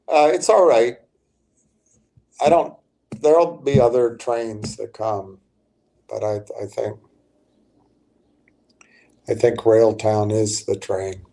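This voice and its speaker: Talking to his chat viewers, an older man hosts a livestream of rambling stock-market commentary full of halting restarts. His voice is mid-range and dark in tone.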